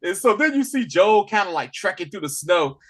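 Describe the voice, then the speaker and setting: Animated high-pitched man retelling a show. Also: brisk. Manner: animated storytelling, acts out characters' lines. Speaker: podcast co-host. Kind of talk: casual spoiler review chat.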